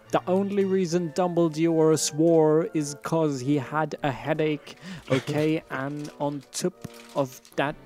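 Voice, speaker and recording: A man's voice: fairly high pitch, a little mellow. Man reading aloud with mock drama. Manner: mock-earnest, breaks into laughter. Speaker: reader of a fan fiction.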